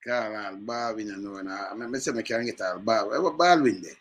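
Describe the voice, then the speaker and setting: A man chatting casually in patois, telling animated stories with lively jumps in pitch. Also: a little fast. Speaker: speaker in a reggae scene video.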